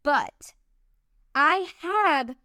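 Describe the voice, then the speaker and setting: Woman, devotional speaker; unhurried, upbeat, earnest delivery. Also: high voice, lively intonation, sharp tone, dry recording, studio quality. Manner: earnest, upbeat, chatty, addresses listeners as guys. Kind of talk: encouraging devotional talk.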